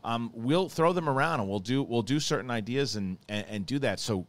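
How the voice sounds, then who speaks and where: A man's voice: mid-range voice, lively intonation, a little fast, dry recording. A man hosting a podcast, chatting casually and rambling with many restarts and repeated words. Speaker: podcast host. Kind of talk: casual chat.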